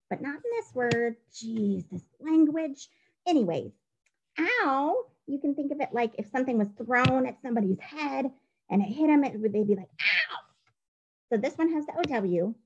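A woman teacher giving a recorded phonics dictation lesson, playful and spelling things out clearly. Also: sits high, dull audio.

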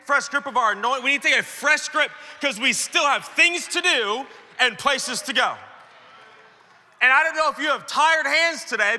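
A man's voice: very high voice, bright, forceful tone, long reverb tail. A man preaching a sermon to church leaders at a conference, talking casually and acting out the voices he quotes. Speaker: pastor. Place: large conference hall.

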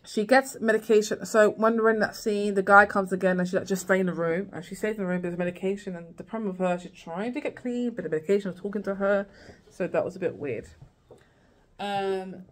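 A woman's voice: mid-range voice, fairly even intonation, brisk. A woman vlogging a casual, rambling recap of a TV series, full of "like" and "girl" asides.

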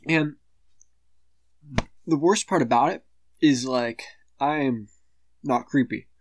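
A man's voice: mid-range voice, slow pace, slight background noise. A man ranting into the camera, blunt, crude and defensive, swearing constantly. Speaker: vlogger. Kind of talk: profane rambling rant.

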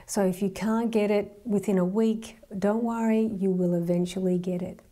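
A woman teaching hand drum rhythms, calmly counting out strokes and hand patterns. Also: mid-range voice, moderate pace. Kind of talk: hand drumming lesson.

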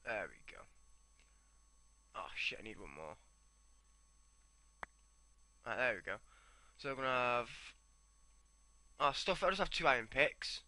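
A man's voice: mid-range voice, animated, moderate pace, long pauses, bright, forceful tone. A young man rambling to himself as he comments on his own gameplay. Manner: rambling, talks to himself while playing.

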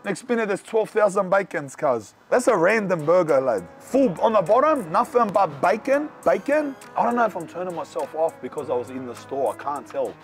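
A young man with a Sydney accent reviewing burgers in a casual vlog, talking in loud slangy banter. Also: normal speed, few pauses, faint music behind. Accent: Australian, Sydney. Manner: loud slangy banter, animated swings in pitch. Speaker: food reviewer and vlogger. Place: outdoors and in burger shops around the city.

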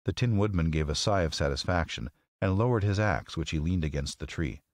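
A man narrating a classic children's story as an audiobook, with an expressive, measured reading. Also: sits low, dry recording, studio quality.

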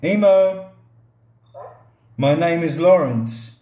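A middle-aged man casually reviewing a toy robot at a table, relaxed and joking, talking to it like a pet. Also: a little high, drawn-out words, reverberant. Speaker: product reviewer. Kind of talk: casual product review vlog. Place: indoors at a table or counter.

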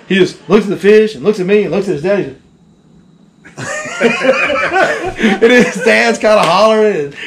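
Speaking in a high voice, this male fishing guide spins a yarn conversationally. He brings it to life by playing the characters with lots of animation.

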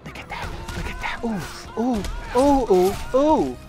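A man trash-talking his opponent while commentating a fighting game, loud and profane, mocking him with repeated taunts. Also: high-pitched, very animated, a little slow, faint music behind. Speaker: gaming video host and player.

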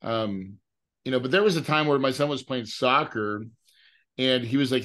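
A man's voice: medium pitch, moderate pace, fairly bright tone. A middle-aged man as a podcast guest, telling a personal story in a casual way, repeating words and often asking "right?". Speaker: guest, real estate investor. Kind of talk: emotional storytelling.

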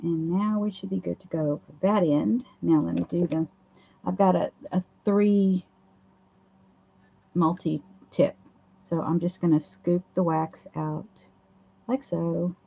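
A hoarse woman hosts a casual craft livestream, chatting through each step as she works at a home craft table. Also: lowish voice, takes it slowly. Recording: dull lo-fi livestream audio.

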